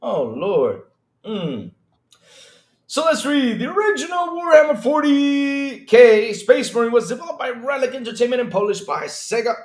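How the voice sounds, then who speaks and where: Male stream host, lively high voice with big swings, slangy chat-reading manner, roomy echo. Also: normal speed. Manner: animated, reads chat aloud, slangy asides. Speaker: podcast host. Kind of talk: casual livestream chat, reading news.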